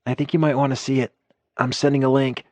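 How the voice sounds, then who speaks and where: A man's voice: mid-range voice, flat delivery, quick pace, darkish tone, no room sound, pitched above the performer's own voice, lightly acted. A male narrator voicing a hesitant, worried young publicist colleague in an audiobook. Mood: uneasy.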